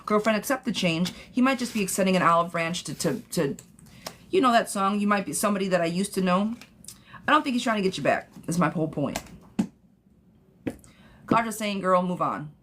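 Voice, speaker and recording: A woman's voice: a little fast, pauses often, slight background noise. A woman hosting a live-stream tarot reading, talking bluntly and sassily to viewers and calling them girlfriend. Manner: bursts into high excited gushing.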